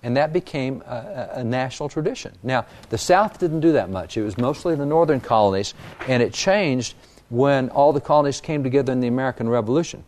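A man explaining early national history in a talk, emphatic and animated, stressing key words. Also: medium pitch, fairly quick. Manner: animated storyteller, emphatic, reads quotes aloud. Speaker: history guest. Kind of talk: conversational history lecture.

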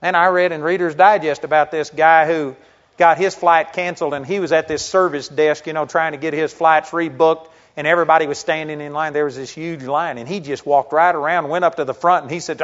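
A man's voice: a little high, fairly even intonation, fairly quick, a bit bright. A middle-aged man preaching a sermon to a congregation, talking conversationally, asking rhetorical questions and telling stories. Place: church. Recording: dull lo-fi sermon recording.

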